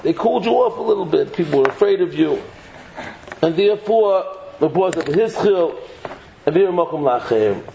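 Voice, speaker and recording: Man giving an animated Torah shiur. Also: sits high, creaky. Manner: animated, repeats words, mixes English with Hebrew and Yiddish terms. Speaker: Torah teacher. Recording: echoey, dull, faint noise.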